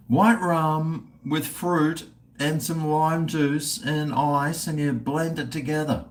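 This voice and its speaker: A man's voice: on the high side, steady tone, slow. A middle-aged man with an Australian accent, chatting casually and profanely with livestream viewers while drinking. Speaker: livestream host.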